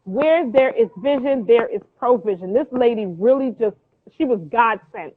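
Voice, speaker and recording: Brief: high-voiced woman, animated guest storyteller, tinny phone-line audio. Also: normal speed. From New Jersey. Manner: lively, acts out quoted voices, motivational. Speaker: guest, clothing brand founder.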